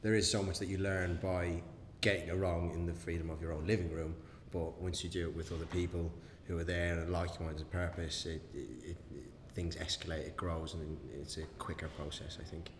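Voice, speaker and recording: A young man, an acting workshop participant, speaking earnestly and a little haltingly about what he has learned. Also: sits low, flat delivery, roomy sound, in a large hall, a little hiss or hum. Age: young adult. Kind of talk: casual testimonial.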